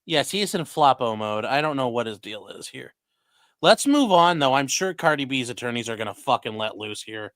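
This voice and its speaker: A man's voice: medium pitch, animated, moderate pace, fairly bright tone, no echo, studio quality. A man giving casual, profane live-stream commentary on a trial as a defense attorney, chatting with his viewers. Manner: profane, chatty, talks to chat and his dog.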